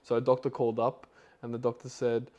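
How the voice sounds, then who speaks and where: A man's voice: medium pitch, completely flat delivery, brisk, a little mellow. A man hosting a podcast, retelling a story in a loose, rambling way with lots of fillers. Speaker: podcast host.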